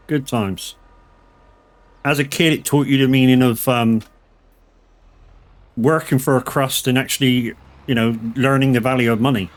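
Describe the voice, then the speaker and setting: A middle-aged man, chatting casually and telling rambling, profanity-laced stories while streaming a farming game. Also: medium pitch. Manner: rambling, swears freely, anecdotal. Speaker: gaming streamer.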